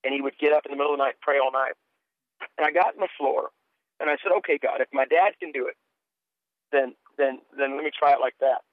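A man's voice: medium pitch, steady tone, fast talker, no echo. A middle-aged man telling his testimony as a guest in a radio interview, earnest and stumbling over restarts. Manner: earnest storytelling, stammers on restarts. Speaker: guest minister and author. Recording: dry tinny phone line.

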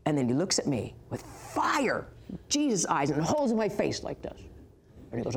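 A woman's voice: lowish voice, huge pitch swings, normal speed, slight background noise. Lady telling her church story, sarcastic and laughy, voice jumps all over. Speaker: guest sharing a testimony. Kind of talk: animated storytelling testimony.

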